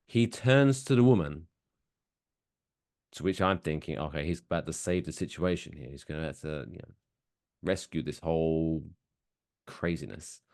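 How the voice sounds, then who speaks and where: A man's voice: a bass voice, moderate pace, long pauses, darkish tone. A man co-hosting a casual podcast, telling stories with lots of energy and acting out other people's lines. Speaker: podcast co-host.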